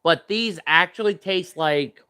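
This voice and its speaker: A man's voice: high-pitched, unhurried, sharp tone, clean tone. A young man chatting casually while tasting snacks, rambling with many fillers and talking with his mouth full. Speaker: vlogger.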